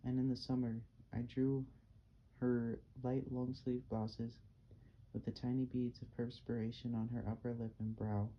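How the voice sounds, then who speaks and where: A man reading a novel aloud for a homemade audiobook, mid-pitched and unpolished, now and then restarting a phrase. The recording is dull and lo-fi with a faint hiss underneath. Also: level tone, unhurried. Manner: plain amateur reading with small slips and restarts. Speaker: amateur audiobook reader.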